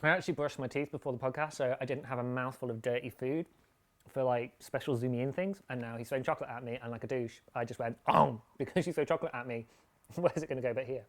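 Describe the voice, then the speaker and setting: A man's voice: medium pitch, quick pace. Playful man hosting a live chat. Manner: rambling and playful, laughs often. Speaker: podcast host. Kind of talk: casual live-stream chat.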